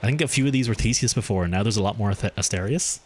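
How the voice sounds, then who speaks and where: A man's voice: racing, slight background noise. Chatty male streamer thinking aloud. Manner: chatty, thinks aloud, lively swings in pitch. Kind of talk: casual gameplay commentary.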